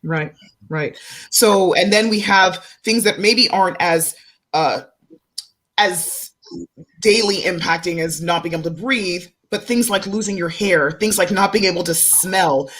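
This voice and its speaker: A woman's voice: on the low side, measured pace, fairly bright tone. A woman doctor hosting a panel discussion, explaining symptoms earnestly to her guests and viewers. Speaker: doctor and host. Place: studio stage with guests.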